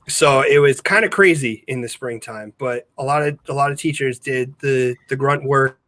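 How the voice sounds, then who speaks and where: A man's voice: mid-range voice, measured pace, fairly bright tone. Brief: male teacher, earnest, talks on and on with restarts, casual podcast chat from home. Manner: earnest, explains at length with restarts. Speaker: special education teacher, podcast regular.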